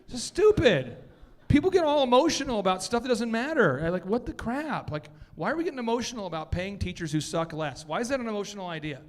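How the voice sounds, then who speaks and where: A man from Minnesota giving an animated, joking, blunt business coaching talk. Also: sits high, fast. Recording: echoey hall.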